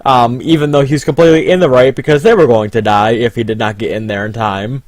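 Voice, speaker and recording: A laid-back man co-hosting a movie review, chiming in with easy agreement and casual opinions. His voice has a middle pitch. The sound is dry and close, with no room echo. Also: fairly even intonation, fast talker, darkish tone. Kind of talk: casual chat.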